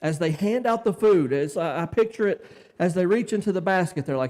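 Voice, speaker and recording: A folksy male preacher from Tennessee with a fairly high voice, telling stories and acting out both sides of the conversations. His talk rings with a long reverb from the church hall. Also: brisk. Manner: folksy, animated, acts out dialogue. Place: church sanctuary.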